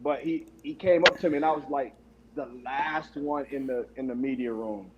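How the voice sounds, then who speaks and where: A man's voice: mid-range voice, moderate pace, muffled recording. A man telling a story as a podcast guest, laughing often and acting out what people said. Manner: laughs often, animated retelling with quoted voices. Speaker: guest, former running back. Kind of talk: casual storytelling. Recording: noisy background.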